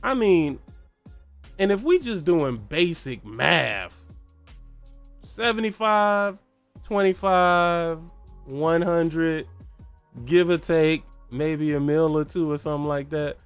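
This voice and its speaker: High-voiced man ranting profanely. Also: takes it slowly, long pauses, clean tone, soft background music. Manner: profane, heated and mocking, with repeated rhetorical questions. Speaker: podcast host. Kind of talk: solo gaming podcast rant.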